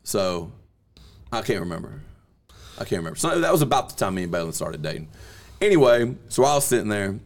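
A man, hosting a podcast and telling a story in a lively, laughing way that bursts into yelling. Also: fairly low pitch, fairly quick. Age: 30s. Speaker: podcast host. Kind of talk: casual storytelling chat.

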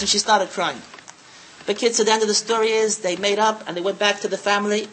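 A woman's voice: mid-range voice, fairly even intonation, fairly quick, a bit bright, slight background noise, low-quality recording. A woman giving a religious lecture, telling stories with emphasis and repeating key phrases. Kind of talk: Torah lecture with storytelling.

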